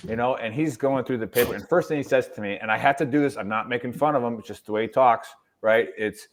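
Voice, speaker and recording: A man's voice: mid-range voice, fast. Emphatic veteran man telling a story. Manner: emphatic, rhetorical "right?" tags. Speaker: podcast co-host, veteran. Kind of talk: casual chat, storytelling.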